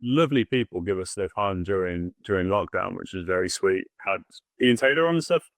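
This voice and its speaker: A man co-hosting a casual podcast, chatting in quick, easygoing banter. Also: sits low, animated, a bit bright. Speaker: podcast co-host. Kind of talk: casual chat.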